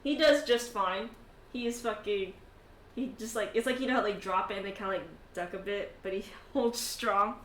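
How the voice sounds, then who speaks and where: A woman's voice: medium pitch, moderate pace, roomy sound, noisy background. A woman narrating a tabletop game as game master, laughing often and swearing casually between filler words.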